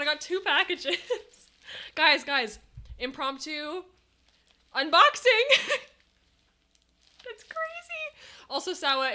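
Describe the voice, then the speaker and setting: A high-voiced woman chatting to her live-stream audience, bubbly and excitable, quick to laugh and quick to tear up. Her tone is bright and sharp, spoken close into a headset mic. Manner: bubbly, excitable, laughing, swings between giddy and teary. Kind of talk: casual live-stream chat.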